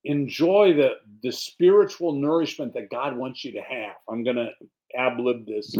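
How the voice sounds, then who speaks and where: A male pastor giving a relaxed, conversational sermon, reading scripture aloud and explaining as he goes. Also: medium pitch, moderate pace, dull audio.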